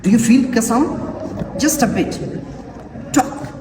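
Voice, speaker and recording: A man giving a classroom presentation, repeating words and examples slowly and haltingly. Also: very high-pitched, animated. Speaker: student presenter. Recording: echoey classroom from far off, noisy.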